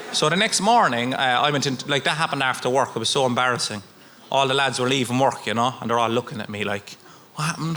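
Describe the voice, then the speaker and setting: A man in his thirties with an Irish accent and a mid-range voice does a stand-up routine, telling stories with animation and acting out the people in them. He's a comedian at a comedy venue in front of an audience, and the recording carries a little hiss or hum.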